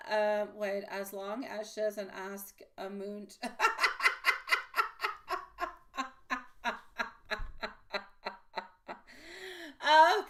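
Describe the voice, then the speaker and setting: Chatty woman giving a live tarot reading. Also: fairly high pitch. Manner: chatty, affectionate, calls viewers sweetie; rambling with many fillers and restarts. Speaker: tarot reader.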